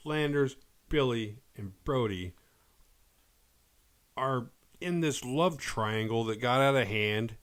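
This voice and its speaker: A man casually recapping a horror movie on his podcast, acting out characters' lines as he goes. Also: lowish voice. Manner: animated retelling, quick quoted voices for characters.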